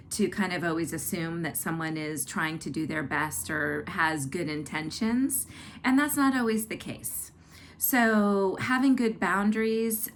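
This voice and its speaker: Chatty middle-aged woman, lowish voice. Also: a bit bright, slight background noise. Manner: chatty, many fillers, addresses listeners as guys and loves. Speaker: podcast host. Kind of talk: casual advice talk.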